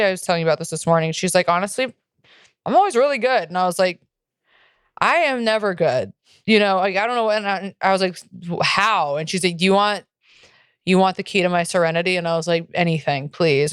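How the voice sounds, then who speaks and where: Candid, profane young woman, low smooth voice. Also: dry recording, clean studio sound. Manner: candid, profane, heavy use of "like". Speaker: podcast co-host. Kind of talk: casual chat.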